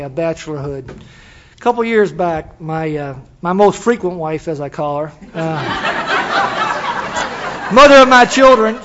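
An older man shares his story with a meeting crowd in a folksy, self-deprecating way, often stopping and restarting. His voice sits high for a man. The recording is dull and lo-fi, with laughter from the audience behind him. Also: fairly bright tone, slight background noise. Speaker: speaker sharing his story at a recovery meeting. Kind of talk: personal story told to a live audience.

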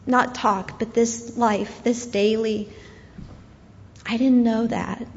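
A woman's voice: fairly high pitch, a little mellow. Grieving woman speaking in an echoing hall. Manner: earnest, storytelling, emotional. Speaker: guest speaker. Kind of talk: personal testimony talk. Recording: dull sound with long hall reverb.

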